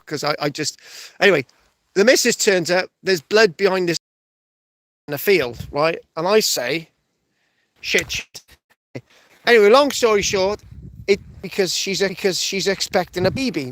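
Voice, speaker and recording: Rambling through a live stream, a UK man swears a lot, keeps restarting, and tosses in "right?" all the time. His voice sits high with a fairly bright tone, and there's no echo.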